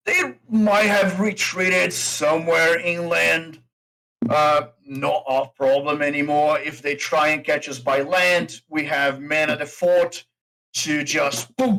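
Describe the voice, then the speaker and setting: A man's voice: high voice, creaky, fairly bright tone, pitched above the performer's own voice, heavily acted, low-quality recording. Man doing a big boastful orc pirate. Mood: swaggering. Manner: slow, drawn-out boasting with hesitant fillers. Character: big male orc pirate card dealer, proud and boastful.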